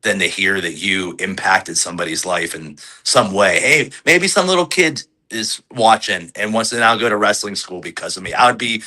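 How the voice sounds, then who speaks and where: Male wrestler, 40s, low bright voice, chatty, filler-heavy, lively when quoting fans. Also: normal speed, few pauses, rough recording. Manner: rambling, many fillers and restarts. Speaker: pro wrestler guest. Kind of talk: casual podcast interview.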